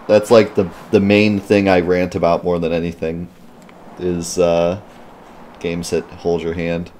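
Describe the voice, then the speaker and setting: A man's voice: deep voice, flat delivery, a little slow, a little mellow, slight background noise. A man hosting a let's play, giving casual gameplay commentary and muttering asides while he reads menus.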